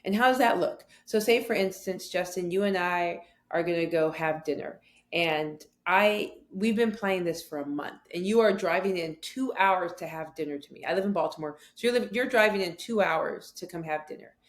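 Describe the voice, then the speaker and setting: Her voice sits fairly low and moves at a moderate pace. Appearing as a guest on an interview show, this author and speaker from the US Southwest, close to the Mexican border, tells a lively story in which she plays both people in a conversation.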